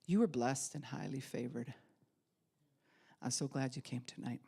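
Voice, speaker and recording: A middle-aged woman pastor preaching a sermon, telling a personal story and swinging from loud emphasis to hushed whispers. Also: rumbling low, moderate pace, creaky, breathy edge.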